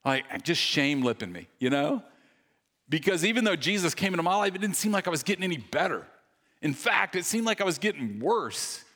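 A man preaching from a church stage, his voice animated and swinging between punchy jokes and quieter earnest moments. He pokes fun at himself with quick bursts of humor. A long, ringing reverb from the large hall trails every phrase. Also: sits high, husky. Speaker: pastor. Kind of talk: sermon.

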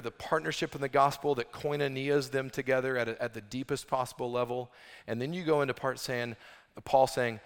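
A man preaching a sermon as pastor, in a conversational way full of "like" and restarts. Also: medium pitch. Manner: conversational, lots of "like" fillers and restarts. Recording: long reverb of a large hall.

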